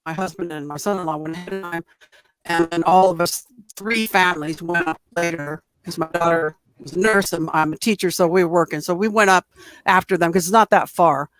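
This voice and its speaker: A woman's voice: fairly low pitch, steady tone, fairly quick, fairly bright tone, no echo, soft background music. A middle-aged woman telling her own story in a chatty, rambling way over a video call. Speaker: guest telling an encounter story. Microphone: computer mic on a video call.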